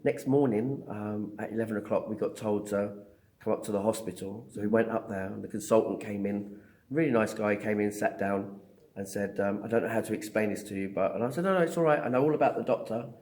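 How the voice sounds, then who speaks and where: A man's voice: on the low side, a little fast. A middle-aged man, a psychic medium, telling his story in an interview, acting out the dialogue with lots of ums. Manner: animated storyteller, acts out dialogue with hesitant ums.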